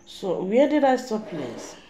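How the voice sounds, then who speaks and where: A woman's voice: mid-range voice, sing-song, a little slow, dark tone, a little hiss or hum. A middle-aged woman with a Nigerian accent, giving an emphatic, rambling spiritual monologue to camera as a vlogger. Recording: echoey room.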